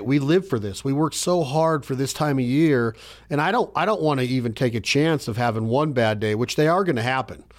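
A man hosting a podcast, talking earnestly and reflectively, building his points in lists. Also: medium pitch. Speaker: podcast host. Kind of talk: casual podcast conversation.

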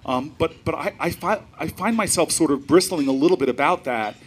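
A man with a slightly raised voice speaks to a live audience at a festival. He tells stories with animated energy, stumbling into restarts and side remarks as he goes. He is a senator from New Jersey addressing the crowd. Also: on the high side, a little fast, a little hiss or hum. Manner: animated storytelling with frequent restarts and asides. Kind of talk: public talk at a festival.

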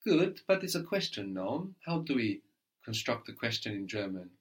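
Man, language tutor, patient, prompting, checks in with "no?", mid-pitched voice. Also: sing-song, moderate pace. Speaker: language teacher. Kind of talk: one-on-one German lesson.

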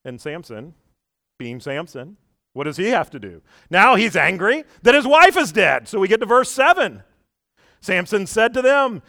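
A man preaching a sermon, telling the story with lively shifts between loud quoted lines and quiet asides, and often asking his listeners questions. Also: high voice, moderate pace, dry recording, studio quality.

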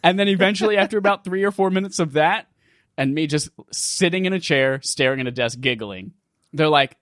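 A man hosting a casual gaming podcast, recounting a game in an animated, profane, laugh-filled way. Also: a little high, brisk, no echo, studio quality. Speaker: podcast host.

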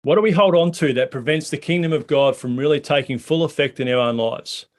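A man's voice: fairly high pitch, a little fast. A man preaching a sermon in a conversational way, asking the congregation many questions. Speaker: pastor.

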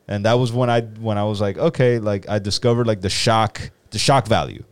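A man's voice: fairly low pitch, steady tone, a little fast, smooth, dry recording. A man telling a story in casual talk over drinks, emphatic and profane, repeating himself. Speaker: rapper and podcast co-host.

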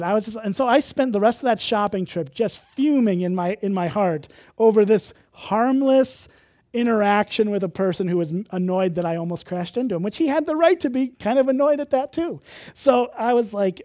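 A man's voice: high voice, expressive, normal speed, a little mellow, no room sound, clean studio sound. A man from Illinois preaching a sermon, candid and conversational, with self-deprecating humor. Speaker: pastor.

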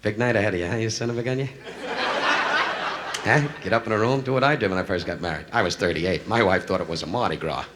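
A man's voice: on the low side, very animated, a little fast. Brash man doing insult comedy live. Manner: brash, heckles audience members. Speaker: stand-up comedian. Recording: noisy 1960s live club recording. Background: audience laughter.

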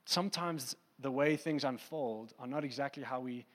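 A man preaching a sermon in a lively, conversational way, acting out the scenes he describes. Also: medium pitch, normal speed, big-room sound.

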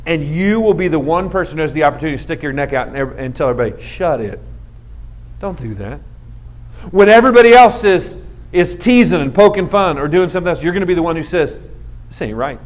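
Animated man telling a sermon story. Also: fairly high pitch, very fast. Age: 40s. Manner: animated, acts out scenes with comic self-mockery. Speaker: youth speaker.

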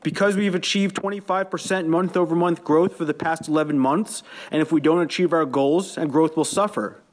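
A man's voice: fairly high pitch, brisk, voice pushed up, lightly acted. A man doing a solemn young salesman. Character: nervous stocky young male salesman.

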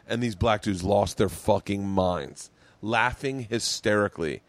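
A man's voice: fairly low pitch, normal speed, no echo. A man hosting a podcast, telling stories in casual chat and acting out other people's lines as he goes. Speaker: podcast host.

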